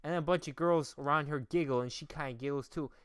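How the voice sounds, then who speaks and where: A young adult man from Minnesota co-hosts a podcast, rambling casually through a story, poking fun at himself and trailing off into filler syllables. His voice is slightly high, a bit bright and smooth, and he talks fast. The sound is clean studio audio with no echo.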